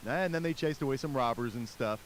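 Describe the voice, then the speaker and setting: A man's voice: medium pitch, a little fast, noisy background, lightly acted. An actor playing a wisecracking, sarcastic male game show host in a quiz video game. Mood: snarky. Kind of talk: scripted quiz game hosting. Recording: loud game music behind.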